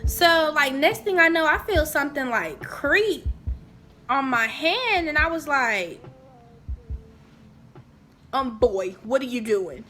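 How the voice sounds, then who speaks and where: A young woman telling a personal story in a casual, animated, chatty way. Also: sits high. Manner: animated, chatty, jumping into quoted voices. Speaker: vlogger.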